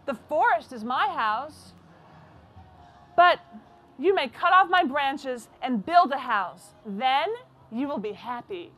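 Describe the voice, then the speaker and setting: A woman voicing a gentle, giving female apple tree in a storybook reading, speaking tenderly. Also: high voice, animated, takes it slowly, soft background music, exaggerated voice.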